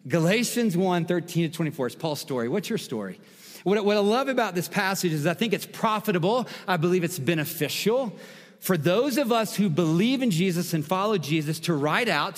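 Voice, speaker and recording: A man's voice: sits high, big-room sound. A man preaching a sermon as pastor, emphatic and repetitive, building intensity through lists of words.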